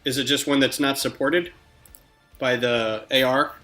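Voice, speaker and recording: A man's voice: medium pitch, steady tone, unhurried, pushed and bright. A man hosting a livestream from home, chatting casually and joking while building brick models. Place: home, indoors. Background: background music.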